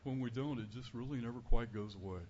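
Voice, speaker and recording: A man giving an earnest, conversational sermon as a preacher in a church, building to louder emphasis on key points. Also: mid-range voice, fast. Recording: dull lo-fi recording with faint room noise.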